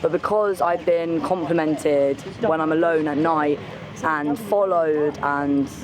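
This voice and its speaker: A British woman speaks in a street interview, pressing her points by repeating them. She is outdoors on a busy city street, with a steady crowd murmuring behind her voice. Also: low-pitched, slow. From United Kingdom. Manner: emphatic, repeats herself for stress.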